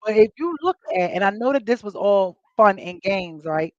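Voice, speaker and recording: Woman host, casual chat, animated storyteller who acts out quotes; dry, slightly dull lo-fi mic. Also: moderate pace, dry recording. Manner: animated storytelling, acting out quotes with big pitch jumps. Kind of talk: casual chat to a live audience.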